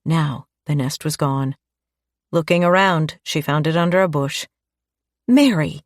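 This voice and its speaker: A woman narrating a suspense audiobook in a steady, measured way. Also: low-pitched, dry recording, clean studio sound. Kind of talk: scripted narration.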